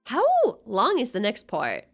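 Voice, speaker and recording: A young woman streamer chatting casually and excitably with her viewers, often giggling. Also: mid-range voice, unhurried, soft background music. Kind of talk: casual live-stream chat.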